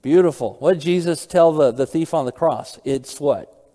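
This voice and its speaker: A man's voice: on the high side, normal speed, dark tone. Reverberant preacher, a man questioning his flock. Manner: questions the audience, repeats phrases, reads verses aloud. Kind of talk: interactive Bible study sermon.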